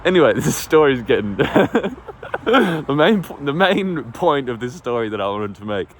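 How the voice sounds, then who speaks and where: A man's voice: mid-range voice, sing-song, measured pace. A man vlogging outdoors on his phone, telling a story in a rambling, casual way, full of fillers and swearing. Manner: rambling, lots of fillers and swearing, laughs often. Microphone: phone on small tripod. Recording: faint street and traffic noise.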